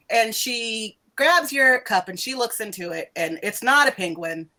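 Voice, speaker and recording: A woman's voice: a little high, animated, a little slow, few pauses, sharp tone. A woman game master narrating a tabletop game in a loose, conversational way. She rambles casually, filling her sentences with "like" and breaking into laughter. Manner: loose, chatty, full of "like" and laughs.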